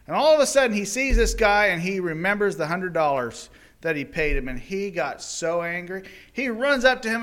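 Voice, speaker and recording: A man preaches a sermon and retells a parable with animated, dramatic flair. His voice sits high and swings widely in pitch. It has a bright, forceful edge. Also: moderate pace.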